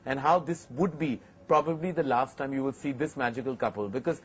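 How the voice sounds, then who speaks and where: A man's voice: medium pitch, brisk, slightly rough. Brief: male film director fronting a TV feature, heartfelt anecdotes, muffled broadcast sound. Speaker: filmmaker hosting a TV segment. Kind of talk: reflective to-camera talk.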